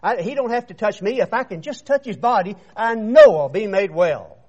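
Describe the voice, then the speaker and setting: Preacher voicing a suffering woman, earnest plea, raised pitch, dull recording. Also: lively intonation, normal speed, darkish tone, close to an everyday voice. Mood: hopeful pleading. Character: suffering woman hoping quietly for healing.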